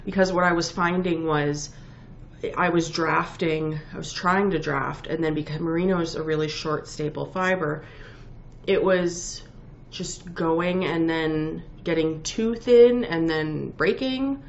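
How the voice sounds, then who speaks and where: A woman's voice: low voice, steady tone, measured pace. A woman with a head cold, sniffling as she hosts a casual knitting podcast, rambling and correcting herself as she shows off her finished work. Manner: rambling, self-correcting, lots of ums. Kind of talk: casual show-and-tell chat. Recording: dull lo-fi home recording with faint background noise.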